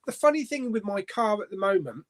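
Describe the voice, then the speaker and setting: A man hosts a relaxed live stream and chats away, full of "um"s and half-finished sentences. His voice sits high for a man. He sounds easygoing and rambling. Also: fairly quick. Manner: chatty, rambling with fillers and restarts. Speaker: host. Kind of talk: casual live-stream chat.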